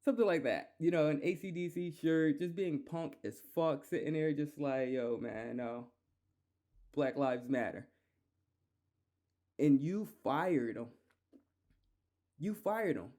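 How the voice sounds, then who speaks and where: A man's voice: a little high, expressive, measured pace, dark tone. A man hosting a solo podcast, ranting heatedly and profanely, repeating himself. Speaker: podcast host.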